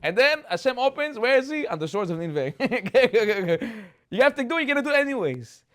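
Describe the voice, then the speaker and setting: Acting out the characters and tossing off rhetorical questions, a rabbi leads a lively, conversational Torah class. His male voice is extremely high with big pitch swings, a brisk pace and a fairly bright tone.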